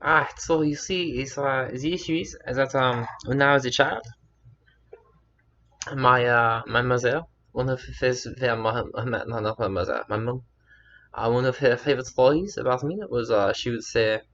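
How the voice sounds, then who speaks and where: A man telling a personal story to camera in a rambling, halting way, with many fillers and restarts. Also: medium pitch, steady tone, fairly bright tone, muffled recording. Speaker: vlogger.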